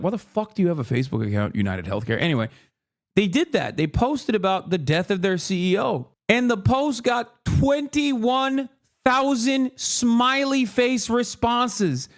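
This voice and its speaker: A man's voice: sits high, a bit bright. A man in his thirties giving a profane, sarcastic commentary rant as a streamer reacting to the news. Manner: profane, sarcastic, mocking voices.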